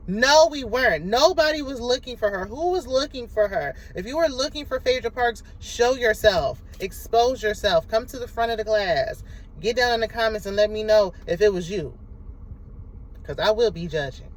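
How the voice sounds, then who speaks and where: A woman's voice: mid-range voice, lively intonation, normal speed, rough recording. A woman giving a casual, sassy recap of a reality TV episode, talking back at the cast as she goes. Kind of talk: casual show recap and commentary.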